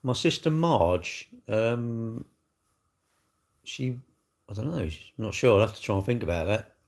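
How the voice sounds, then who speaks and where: Chatty older man, gravelly. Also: fairly low pitch, expressive, measured pace, darkish tone. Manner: chatty, blunt, jokey, answers viewers' comments aloud. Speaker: livestream host. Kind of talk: casual livestream chat reading comments. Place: indoors, seated.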